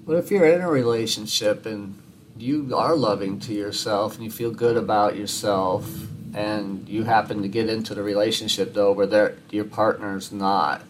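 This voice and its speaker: A man hosting an interview, relaxed, asking loosely phrased questions and giving brief affirmations. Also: on the low side, normal speed, a little hiss or hum, poor audio. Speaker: interview host. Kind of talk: casual interview.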